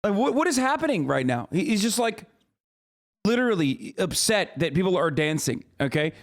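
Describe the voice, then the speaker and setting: A man reacting to clips on his live stream, casual and openly incredulous. His voice sits a little high, and his delivery is loose and mocking. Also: lively intonation, normal speed.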